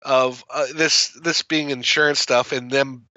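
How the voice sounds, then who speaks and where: A man's voice: mid-range voice, fairly even intonation, unhurried, pushed and bright, no echo, dull audio. A man co-hosting a podcast, chatting casually about politics, rambling and repeating words. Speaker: podcast co-host.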